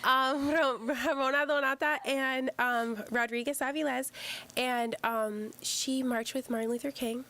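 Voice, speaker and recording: Lively joking woman host. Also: sits high, measured pace. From Buffalo, New York. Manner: lively, joking, mixes in Spanish. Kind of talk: casual chat.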